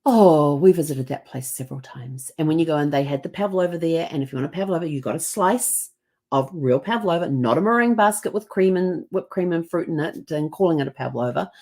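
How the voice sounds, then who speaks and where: Woman with a New Zealand accent, low voice, chatty storyteller who acts out the dialogue. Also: lively intonation, brisk, darkish tone. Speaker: host. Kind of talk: casual storytelling.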